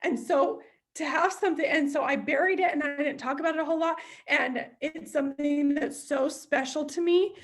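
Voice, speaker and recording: A woman's voice: high voice, moderate pace. A young woman leading a team meeting, chatty and open, acting out inner voices as she talks. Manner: open and emotional. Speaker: sales team leader. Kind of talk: motivational team meeting talk.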